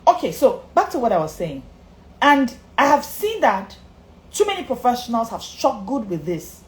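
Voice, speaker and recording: A woman's voice: a little high, big pitch swings, moderate pace. A woman confidence coach giving an emphatic live-streamed motivational talk, repeating her key lines and greeting viewers by name. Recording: echoey room with faint ambience.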